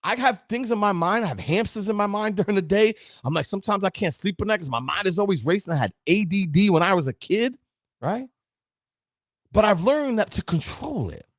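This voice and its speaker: A podcast host in his 50s from Brooklyn, New York, gives an emphatic, preachy motivational talk straight to his listeners. His high-pitched voice is fairly quick with lively intonation, recorded dry at studio quality.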